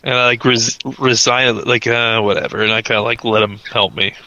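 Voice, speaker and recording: Bright-voiced man rambling as a player. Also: mid-range voice, level tone, moderate pace, dull audio. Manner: rambling, full of "like" fillers. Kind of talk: describing a character's actions in a tabletop game.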